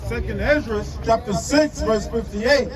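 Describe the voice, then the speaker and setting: A man reading scripture aloud in a slow, measured way. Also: very high-pitched. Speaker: scripture reader. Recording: distant from mic amid crowd noise.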